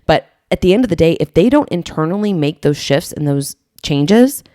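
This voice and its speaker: A woman health coach with a low voice co-hosts a casual podcast. She talks earnestly and with emphasis. The recording is dry and close. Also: lively intonation, normal speed, dark tone, no echo.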